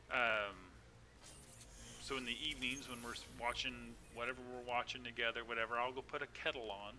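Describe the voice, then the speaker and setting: A man's voice: mid-range voice, pushed and bright, slight background noise. A man chatting casually and laughing often while live-streaming a game.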